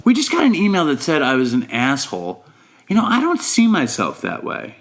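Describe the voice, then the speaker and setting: A man's voice: on the high side, wildly swooping pitch, fairly quick. A man co-hosting a casual podcast, telling rambling, nervous stories and acting out other people's voices. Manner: nervous, rambling storyteller who acts out voices. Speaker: podcast co-host. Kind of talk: casual chat with comic impressions.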